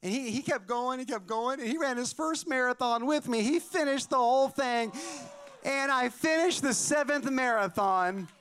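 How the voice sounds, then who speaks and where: Very high-voiced, smooth-toned male preacher. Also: moderate pace. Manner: animated, building to shouted high points. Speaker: pastor. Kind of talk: storytelling sermon.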